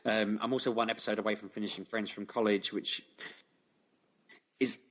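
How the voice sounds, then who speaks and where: A man with a fairly low voice, talking in a relaxed, plain-spoken way on a podcast. He chats freely and laughs easily between his points. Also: normal speed, muffled recording. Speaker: podcast co-host. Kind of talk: casual chat.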